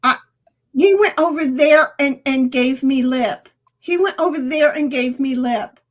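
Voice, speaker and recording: A woman's voice: high voice, measured pace. A woman streamer chatting casually with her viewers, rambling and laughing often. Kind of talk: casual live-stream chat.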